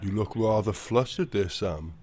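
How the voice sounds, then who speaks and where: A man making prank phone calls, speaking in a calm, mock-concerned way and repeating the same questions to needle the person on the line. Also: lowish voice, moderate pace. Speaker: prank caller.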